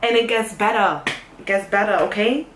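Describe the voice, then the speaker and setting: A young woman telling a story in a casual, sassy way, dropping to a hush and then getting loud. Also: mid-range voice, normal speed, recorded from a distance, slight background noise. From New York. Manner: animated, sassy, swings from hushed to loud. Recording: echoey room, voice off-mic.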